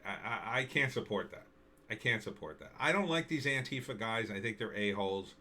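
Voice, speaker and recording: A man giving solo political commentary on news and video clips, indignant and halting, repeating himself and restarting his sentences. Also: lowish voice, animated, sharp tone.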